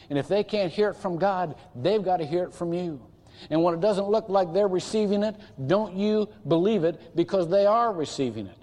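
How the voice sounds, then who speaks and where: A man's voice: high voice, mellow. A man preaching a sermon as pastor, earnest and emphatic, with repeated phrases and restarts. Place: church sanctuary. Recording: church hall reverb.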